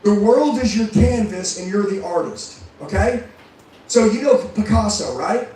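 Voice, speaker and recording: Brief: high-voiced male motivational speaker, intense and profane, heavy room echo. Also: lively intonation, unhurried, mellow. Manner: intense, profane, fires rhetorical questions at the crowd. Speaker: motivational speaker and sales trainer. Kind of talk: motivational speech to a live audience. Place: room with a live audience. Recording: very echoey room, mic far off.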